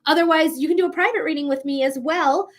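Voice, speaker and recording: A woman's voice: high-pitched, fast talker. A woman psychic giving a casual live-stream reading, chatty and blunt, swearing freely. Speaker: psychic reader.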